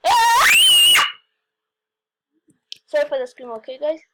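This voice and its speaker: A woman giving excitable gameplay commentary, talking straight to viewers and often breaking into squeals and repeated cries. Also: sits high, normal speed, very noisy. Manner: talks straight to viewers, frequent "okay, guys". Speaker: gaming video host.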